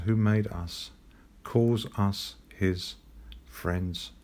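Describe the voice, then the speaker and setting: A man preaching a sermon in an earnest, gentle way, pausing for emphasis. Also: medium pitch, vocal fry. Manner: earnest, gentle, with frequent restarts and emphatic pauses.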